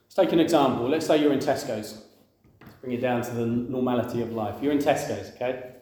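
A man's voice: medium pitch, a little fast, warm tone. A man preaching a conversational sermon, asking the congregation questions and acting out quoted voices. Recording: very echoey room.

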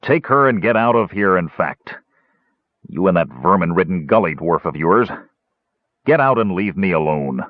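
A man voicing a big, burly, bitter warrior who speaks in a gruff, heavy way. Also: deep voice, very animated, normal speed, no echo, narrow, tinny audio.

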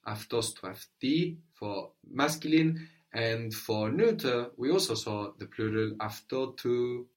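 A man's voice: mid-range voice, lively intonation, unhurried. A man teaching a language lesson, patiently prompting his student with questions and praising the answers.

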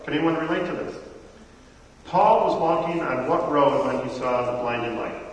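A man's voice: on the high side, moderate pace. A middle-aged man preaching a sermon in a chatty, conversational way, asking his congregation questions, recorded from far off in an echoey church hall.

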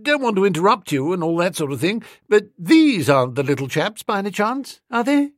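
A man voicing an excitable young upper-class gentleman who talks in an eager, exclamatory way. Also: sits high, a little fast, no room sound, studio quality, voice pushed up. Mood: chirpy.

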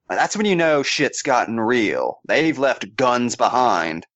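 A man's voice: medium pitch, big pitch swings, slow, fairly bright tone, no room sound, dull audio. A man co-hosting a comics podcast, cracking sarcastic jokes. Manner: sarcastic wisecracks, jokey voices. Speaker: podcast co-host. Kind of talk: casual comic book banter.

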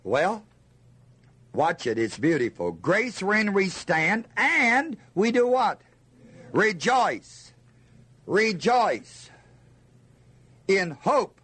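Slow, husky older male preacher. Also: high-pitched, very animated, fairly bright tone. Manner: questions to the audience, emphatic. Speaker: Bible teacher. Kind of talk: sermon teaching.

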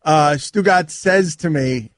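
A man's voice: a little high, slow, a bit bright, dry recording. A man hosting a sports radio show in a studio, bantering and teasing his co-hosts in a wry, rambling way. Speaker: host. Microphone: studio mic.

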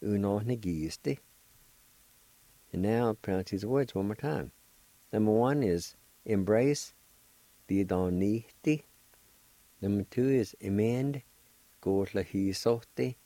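On a radio language program, a male teacher and host patiently spells words letter by letter and repeats every syllable. His voice is on the low side and dark, at normal speed. The recording is poor but echo-free.

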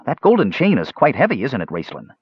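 A man voicing a small, eager, curious male kender in a high, excited voice. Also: quick pace, husky, dry recording, muffled recording, heavily acted. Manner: high, excited and wide-eyed. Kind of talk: audiobook character voice.

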